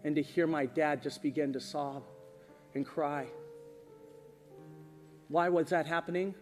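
A man delivering a sermon from the stage, his slightly high voice animated and emphatic. The sound carries a long reverb from a church auditorium, with soft instrumental music underneath. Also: measured pace. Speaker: pastor. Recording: reverberant hall with music behind.

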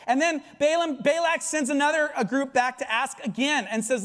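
A male pastor delivers a sermon with lively storytelling, acting out the voices of the people in the story. His voice sits high for a man. It rings out with a long reverb, as in a big church hall. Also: a little fast, hardly any pauses.

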